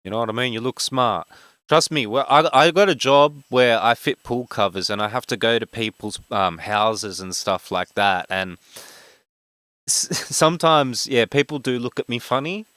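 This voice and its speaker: A man in his twenties from Australia with a broad Western Sydney accent, a game streamer who talks fast and rambles with many fillers in casual chat. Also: mid-range voice, a bit bright, no echo. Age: 20s.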